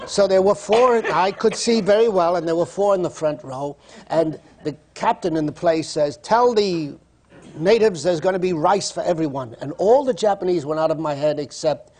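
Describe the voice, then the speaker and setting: A man's voice: a little high, a little mellow. A man, a stage actor, telling amused stories on a panel, with frequent stumbling restarts.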